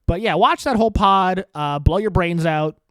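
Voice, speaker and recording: A man with a fairly high voice riffs through profane, sarcastic political commentary on his podcast. He laughs often between thoughts. The recording is close and dry, with no room sound. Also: moderate pace, a bit bright, no echo. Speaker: podcast host. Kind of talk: crude rambling political commentary.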